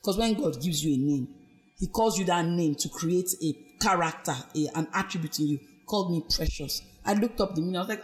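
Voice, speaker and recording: A woman's voice: on the low side, fairly quick, soft background music. A woman with a Nigerian accent, a podcast guest earnestly recounting her life and weaving in her faith. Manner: earnest, reflective storytelling with faith references. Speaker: guest, abuse survivor. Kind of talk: personal testimony in a podcast interview.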